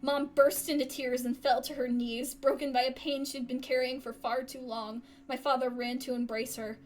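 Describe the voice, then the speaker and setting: A woman streamer reads a story game's narration aloud with a high voice. She reads expressively and breaks in with gasps and exclamations. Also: normal speed. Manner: expressive, gasping reactions. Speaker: gaming streamer. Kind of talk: reading a story game aloud.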